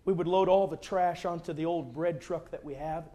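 A fervent middle-aged preacher, his voice sitting a little higher than most men's. He swings from near-whispers to full-throated cries as he pleads with the congregation. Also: fairly even intonation, normal speed. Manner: fervent, dynamic swings from hushed to shouting. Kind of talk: sermon with altar call.

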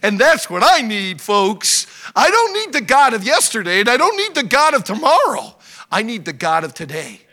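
A man preaching to a church congregation with fervent, hard-driven emphasis that drops now and then to a hushed prayer. His voice sits high, and its bright, sharp tone swoops widely in pitch. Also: huge pitch swings, moderate pace. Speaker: pastor. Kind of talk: sermon with prayer. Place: church service.

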